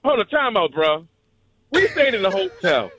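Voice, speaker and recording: A man calling in to a sports radio show, telling a story in an animated, joking way. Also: high voice, moderate pace. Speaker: caller. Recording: dull lo-fi phone line.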